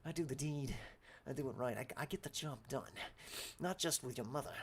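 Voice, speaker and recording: A man's voice: mid-range voice, brisk, slight background noise, natural voice. A man voicing a boastful, swaggering tough-guy driver in a comedic game role-play, rambling and profane. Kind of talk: comedic role-play commentary over gameplay.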